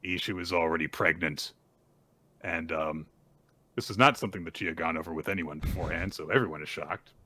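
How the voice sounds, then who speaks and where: A man's voice: low voice, quick pace, pushed and bright, husky. A male podcast host casually recapping a manga chapter, storytelling and acting out the characters.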